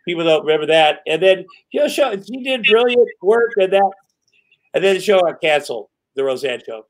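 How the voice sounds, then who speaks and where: A man's voice: high voice, fairly quick. A middle-aged man telling stories as a podcast guest, rambling and profane, acting out what people said. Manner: rambling, profane, animated retelling with quoted voices. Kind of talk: casual storytelling interview.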